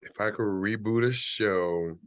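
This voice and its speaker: A man's voice: on the low side, unhurried, fairly bright tone, no room sound. A man guest in an interview, talking casually and telling his story with lots of fillers. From United States. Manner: easygoing storytelling, many fillers. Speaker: actor guest.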